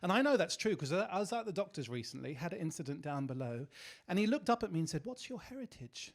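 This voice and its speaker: A man performing a stand-up comedy set on a club stage, delivering quick deadpan punchlines. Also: on the high side, gravelly. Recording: noisy live club recording.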